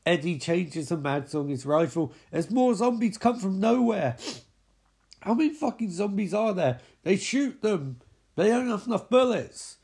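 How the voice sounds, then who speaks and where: A man's voice: high voice, lively intonation, a little slow, gravelly, darkish tone, husky. A man giving a mocking, profane recap of a zombie film with lots of exclamations. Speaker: film commentator.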